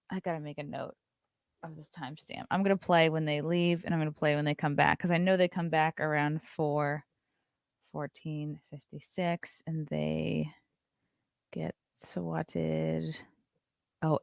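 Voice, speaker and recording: A woman's voice: fairly low pitch, a bit bright, dry recording, clean studio sound. A woman hosting a casual commentary show, chatting loosely and swearing now and then while playing clips.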